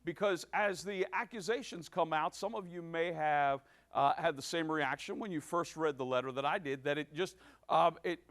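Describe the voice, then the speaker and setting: A man's voice: fairly high pitch, fairly bright tone. A male pastor giving a sermon, with many restarts and fillers, building to emphatic points. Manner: halting with many restarts, rising to emphatic preaching.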